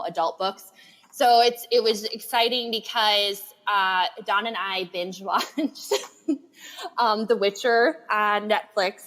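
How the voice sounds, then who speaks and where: A woman's voice: lowish voice, a bit bright. A woman co-hosting a book podcast, chatting with enthusiasm and frequent giggles. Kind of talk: casual book chat.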